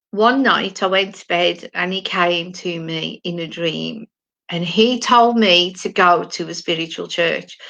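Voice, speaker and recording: Slow-talking British woman in her sixties. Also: mid-range voice, fairly bright tone, muffled recording. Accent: British English. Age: 60s. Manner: slow, emotional storytelling with repeated words. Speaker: spiritual medium. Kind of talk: personal testimony talk.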